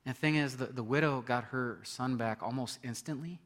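A man's voice: medium pitch, brisk, a bit bright. A man preaching a sermon, earnest and building to emphatic points, with frequent restarts. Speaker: pastor.

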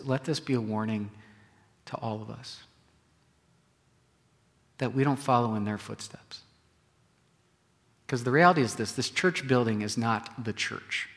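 A man preaching a sermon from the pulpit, with dramatic swings from loud emphasis to quiet, hushed phrases. His voice sits at a middle pitch. Long reverb trails after each phrase in a large church. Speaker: pastor.

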